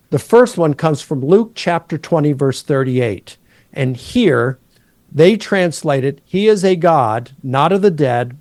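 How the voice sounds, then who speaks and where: A middle-aged man, a New Testament professor, patiently explaining Greek grammar and slowing down to stress key words. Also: on the high side, a little mellow, no echo.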